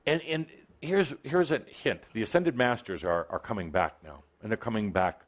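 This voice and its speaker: A man's voice: lowish voice, moderate pace. A man giving a channeled spiritual talk to a live audience, in a playful, teasing and theatrical way, stretching out key phrases for emphasis. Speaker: spiritual teacher addressing a live group.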